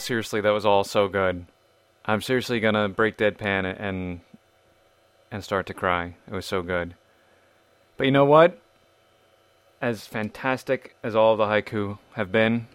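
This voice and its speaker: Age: adult. Sex: man. Pitch: low. Role: podcast host. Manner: playful, mock-dramatic. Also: smooth, dry recording. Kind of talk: casual podcast chat.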